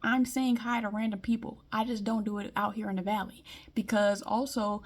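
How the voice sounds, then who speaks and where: A woman's voice: mid-range voice, level tone, moderate pace. A woman from Detroit giving a blunt, emphatic monologue in casual vlog style. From Detroit, US Midwest. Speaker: vlogger.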